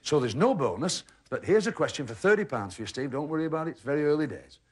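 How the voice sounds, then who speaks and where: A man's voice: fairly high pitch, expressive, fast talker, husky. A man hosting a television game show, chatting with contestants in a jokey way and laughing at his own puns. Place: TV studio with a live audience.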